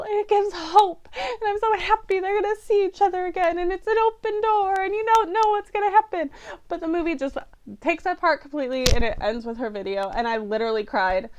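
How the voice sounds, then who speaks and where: Young woman vlogger, high smooth voice, chatty and rambling, emotional delivery. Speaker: book reviewer vlogger. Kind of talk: casual chat to camera.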